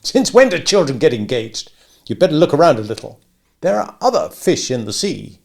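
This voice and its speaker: A man's voice: fairly high pitch, big pitch swings, moderate pace, creaky, voice pushed up. A man voicing a dismissive, scornful middle-aged father. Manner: snorting, dismissive.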